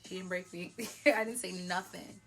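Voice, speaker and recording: A woman's voice: on the low side, steady tone, normal speed, vocal fry, a bit bright, faint music behind. A young woman vlogger casually telling a personal story, chatty and full of "like", a bit tipsy from wine. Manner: chatty, frequent "like", laughs often.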